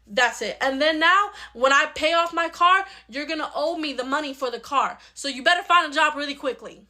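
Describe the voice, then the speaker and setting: A woman's voice: sits high, brisk. A woman playing a blunt adult uncle who is a lawyer, lecturing and reasoning in a home-video skit. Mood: scolding. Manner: lecturing, scolding, then gently reasoning. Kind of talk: comedy skit role-play.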